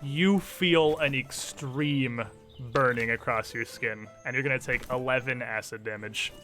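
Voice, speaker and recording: A man's voice: medium pitch, a little slow, sharp tone, soft background music. A man narrating a tabletop fantasy game as game master, laughing often as he describes the action.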